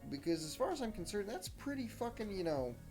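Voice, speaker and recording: A man's voice: sits high, very animated, fairly quick, darkish tone, faint music behind. Profane ranting young man. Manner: heated, profane storytelling. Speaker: podcast host. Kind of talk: solo podcast rant.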